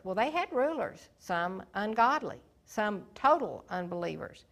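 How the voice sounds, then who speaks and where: A woman's voice: medium pitch, big pitch swings, measured pace, gravelly, few pauses. A woman teaching the Bible in an earnest sermon, often putting questions to her listeners.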